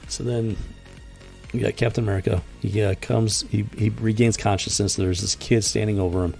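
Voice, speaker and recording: A man with a low, gravelly voice talks through a comic book in casual commentary, sarcastic and exasperated, often restarting his sentences. His tone is dark and mellow. Faint music plays underneath. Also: fairly even intonation, normal speed. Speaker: host reviewing comics. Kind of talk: casual commentary reading comic dialogue aloud.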